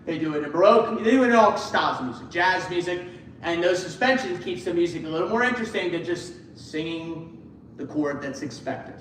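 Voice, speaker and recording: High-voiced man directing a choir. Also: expressive, a little fast, fairly bright tone, a little hiss or hum. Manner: counts off beats and sings phrases to demonstrate. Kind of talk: choir rehearsal coaching. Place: church choir rehearsal room. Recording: echoey room from far off with music.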